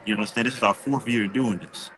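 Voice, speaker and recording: A man's voice: lowish voice, fairly even intonation, quick pace, over music. A man hosting and interviewing on a live stream, affirming his guests with frequent short replies. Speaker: host and interviewer.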